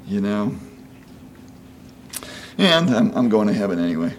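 A man's voice: fairly low pitch, sing-song, measured pace, slight background noise. A man in his sixties giving a conversational sermon, folksy and chatty, often asking "you know?" and acting out quoted voices. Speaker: preacher.

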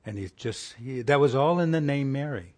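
A man's voice: mid-range voice, lively intonation, normal speed. Folksy man preaching a sermon. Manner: folksy, asks the listeners rhetorical questions; drops to a soft, hushed tone for tender passages. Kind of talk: conversational sermon.

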